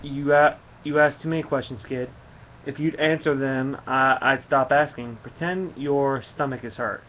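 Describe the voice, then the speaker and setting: A bold, commanding female con artist who gives orders and pretends to plead. A man reads her lines in a plain, mid-pitched voice. The recording is slightly muffled. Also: fairly even intonation, normal speed, a little hiss or hum, close to an everyday voice. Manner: reading quoted lines aloud.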